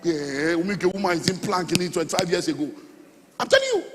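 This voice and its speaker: Nigerian pastor preaching in a hall. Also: male voice, sits high, quick pace. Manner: animated, preaching with sudden shouts and sung phrases. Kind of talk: sermon. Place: church hall. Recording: long hall reverb, faint music.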